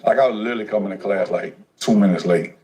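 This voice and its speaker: A man's voice: lowish voice, fast talker, background noise. Profane streetwise man telling stories. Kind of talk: casual livestream storytelling.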